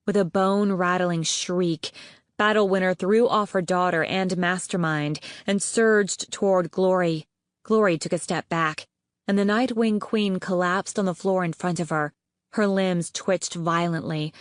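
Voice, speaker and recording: A woman narrating an audiobook in a steady, even storytelling manner on a close studio mic. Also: lowish voice, no room sound. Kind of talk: scripted narration.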